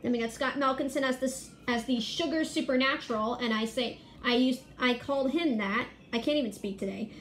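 A woman's voice: high-pitched, fairly quick, hardly any pauses, slight background noise. Chatty woman showing off her drawings. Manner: chatty and excited, listing details. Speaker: fan artist presenting her drawings. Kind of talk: casual video narration.

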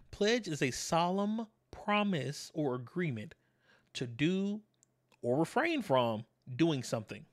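A man hosting a motivational video, talking straight to his viewers, firing rhetorical questions at them and repeating key words for emphasis. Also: a little high. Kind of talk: motivational talk to camera.

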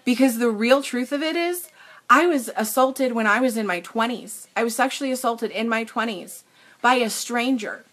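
A woman's voice: on the high side, moderate pace, fairly bright tone. A young adult woman chatting emotionally to viewers on a live stream, earnest, often restarting her sentences. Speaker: makeup seller on a live stream. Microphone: tablet.

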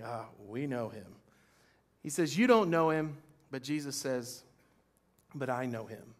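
A man delivers a sermon in a church, in a voice pitched a little above the usual for a man. He talks loosely and directly to the congregation. He leans hard on the scripture he reads aloud. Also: a bit bright. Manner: conversational preaching, reading scripture aloud with emphasis. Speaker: pastor. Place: church sanctuary.

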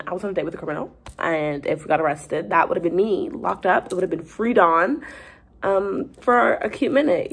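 Young female vlogger, low husky voice, casual animated storytelling. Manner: chatty, animated, many fillers, laughs through the story.

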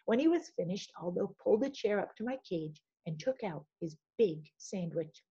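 A woman reading a children's novel aloud in an expressive storytelling manner. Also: medium pitch, moderate pace, husky, lo-fi sound. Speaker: audiobook reader.

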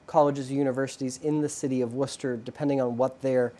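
Mellow-voiced priest being interviewed. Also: male voice, mid-range voice, level tone, fast talker. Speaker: Catholic priest guest. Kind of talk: interview answers.

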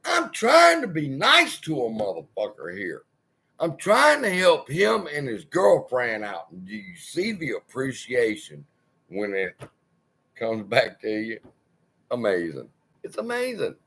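Man, husky voice, slow profane rant, wildly swinging pitch. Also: huge pitch swings, pushed and bright. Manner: profane, heated ranting. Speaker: channel host. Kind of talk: personal rant to camera.

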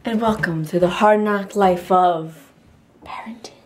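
A young pregnant woman chats loosely to her camera, mixing quick Spanish phrases into her English. Her voice sits at an ordinary middle pitch, with a light hiss behind it. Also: darkish tone. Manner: chatty, mixes in Spanish words. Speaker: vlogger. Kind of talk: casual vlog chat.

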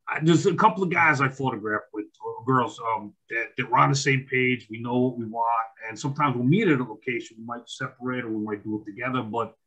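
A man's voice: mid-range voice, a bit bright, muffled recording. A man, a wildlife photographer and author, telling stories in a casual interview, rambling and repeating his words. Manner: rambling, repeats words, acts out quoted dialogue.

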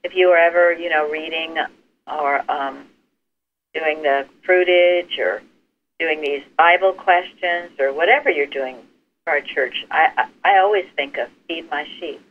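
A man leading an informal Bible study discussion, speaking earnestly and encouragingly, sometimes trailing off softly. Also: on the high side, a little slow. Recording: tinny phone line with faint hiss.

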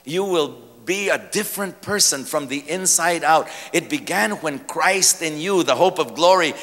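A male pastor preaching a sermon, telling stories with lively humor. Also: on the high side, normal speed. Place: church sanctuary. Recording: long church hall reverb.

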